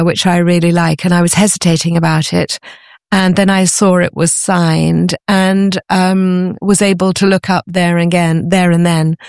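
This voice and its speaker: A middle-aged woman being interviewed, chatty and enthusiastic, often pausing with ums as she explains. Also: fairly low pitch, creaky, dry recording, clean studio sound. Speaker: guest, antiques author. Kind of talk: conversational interview.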